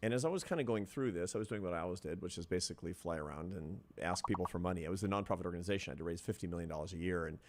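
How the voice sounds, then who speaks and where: A man's voice: low-pitched, very fast, hardly any pauses, slight background noise. A middle-aged man, an interview guest and social scientist, telling a reflective story in an earnest, step-by-step way.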